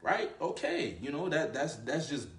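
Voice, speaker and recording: A man's voice: fairly high pitch, sing-song, normal speed, echoey room. A man giving blunt, profane dating advice in a casual monologue, with a swaggering manner and lots of filler words. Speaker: dating coach.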